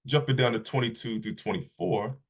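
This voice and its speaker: A man giving a Shabbat Bible lesson, reading scripture aloud and often restarting his sentences. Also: mid-range voice. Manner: halting, repeats words, reads scripture aloud slowly. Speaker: Bible teacher.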